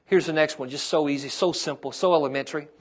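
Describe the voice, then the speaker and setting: A man's voice: fairly high pitch, steady tone, fast. A man, a pastor preaching a sermon to his congregation and calling out to them as his intensity rises.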